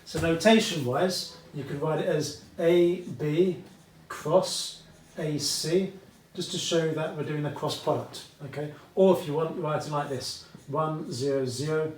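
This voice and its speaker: A British man teaches a maths lesson at a classroom whiteboard, chatty and prone to asides, often checking in with "okay?". His voice is a little high and slow, with slight background noise. The room echoes and he sounds far from the mic.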